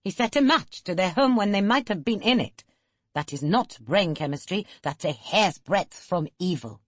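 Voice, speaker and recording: A woman's voice: on the low side, expressive, normal speed, dry recording. A woman voicing a stern, disapproving older mother with a German accent in an audiobook reading, speaking in gasping, judgmental tones. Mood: condemning.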